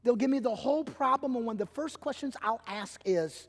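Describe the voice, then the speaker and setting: Middle-aged male pastor, high pitched and emphatic, sermon in a reverberant hall. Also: brisk. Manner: animated, emphatic preaching with acted-out quotes. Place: church sanctuary. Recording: long church hall reverb.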